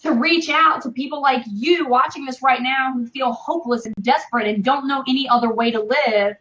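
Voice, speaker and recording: A woman's voice: high voice, brisk, a bit bright, highs cut off. A woman in her thirties, a guest on a casual live-stream interview, talking with passion and emphasis and swearing freely. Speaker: interview guest, online business marketer. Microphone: video call.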